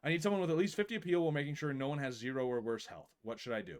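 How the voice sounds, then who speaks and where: A young man streaming a game, chatting casually and reading narration, an animated storyteller who laughs often and swears freely. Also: fairly high pitch, rapid-fire. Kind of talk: casual live-stream chat and game read-through.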